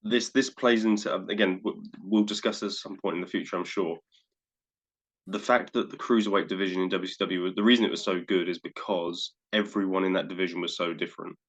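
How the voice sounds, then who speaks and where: A man's voice: low-pitched, fairly even intonation, brisk, a bit bright. A man co-hosting a podcast, casually recapping wrestling matches and often repeating words as he goes. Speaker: podcast co-host. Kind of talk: casual wrestling review chat.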